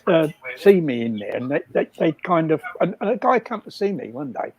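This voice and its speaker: A man's voice: fairly high pitch, very animated, brisk, dull audio. An older man casually telling rambling stories, laughing often at his own jokes. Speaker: guest storyteller.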